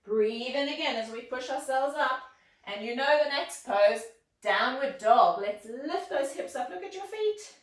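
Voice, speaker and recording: A woman's voice: high-pitched, expressive, a little slow, distant mic. A woman leading a children's yoga class, with encouraging, playful, sing-song instructions. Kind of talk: guided kids' yoga class. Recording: echoey room, voice from afar.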